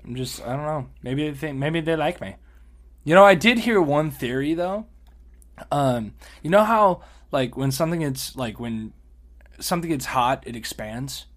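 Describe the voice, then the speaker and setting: A man on a casual podcast, talking in a voice pitched slightly above the usual for men. He tells stories in an animated way, swears freely and laughs through the telling. The delivery is loose, chatty and full of fillers. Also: moderate pace. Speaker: podcast co-host. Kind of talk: casual storytelling chat.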